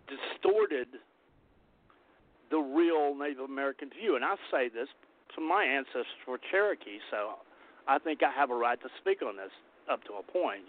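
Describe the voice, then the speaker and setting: Man talking over a tinny line. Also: medium pitch. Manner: earnest, rambling with restarts. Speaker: interview host. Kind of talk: casual interview chat.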